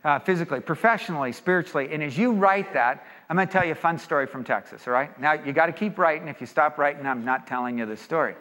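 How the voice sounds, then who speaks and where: A man from California speaking to an audience, an animated and jokey storyteller, in an echoey hall. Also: a little high, quick pace, hardly any pauses. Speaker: speaker leading a seminar or sermon. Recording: echoey hall with long reverb.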